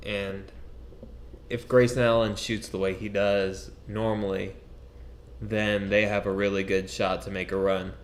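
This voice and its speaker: A young man co-hosting a podcast, chatting casually about sports in a quick, excitable way that often trails off mid-sentence. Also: on the low side, a little hiss or hum. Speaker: podcast co-host.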